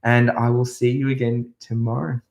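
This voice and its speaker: A man's voice: medium pitch, little pitch movement, normal speed, vocal fry, a little mellow. A man teaching a music class to young children, singing a farm song and breaking into animal noises in an upbeat way. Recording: roomy echo.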